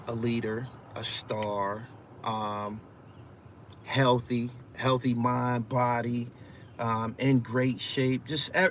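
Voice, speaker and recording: A man from Brooklyn, New York hosts a casual live stream, reading out viewer comments and giving his take in loose, profane talk. His voice is mid-range and a bit bright, with slight background noise.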